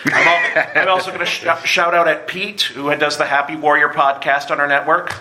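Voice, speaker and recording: A man hosting a live podcast in a convention room, his voice sitting a bit high. He jokes loosely and rattles off plugs with casual swearing. Steady background noise hums under the recording. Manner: joking, rapid plugs with profanity. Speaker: podcast host.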